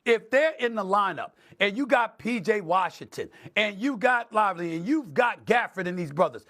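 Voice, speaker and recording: A middle-aged man with a high-pitched voice holds the floor as a sports debate host. He talks emphatically and piles up points one after another. He leans hard on key words. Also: moderate pace, soft background music. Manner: emphatic, animated, building lists for effect.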